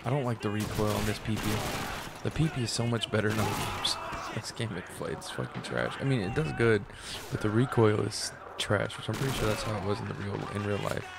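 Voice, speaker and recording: A man's voice: on the low side, lively intonation, fairly quick, creaky. A man giving crude, jokey commentary while playing a war game. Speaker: gamer. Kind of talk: casual gameplay commentary. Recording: gunfire noise from game.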